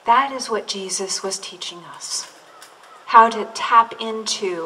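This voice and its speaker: A woman pastor preaches an earnest sermon in a fairly high, pushed, bright voice, speaking slowly and drawing out key words for emphasis. The mic is distant, picking up faint room ambience.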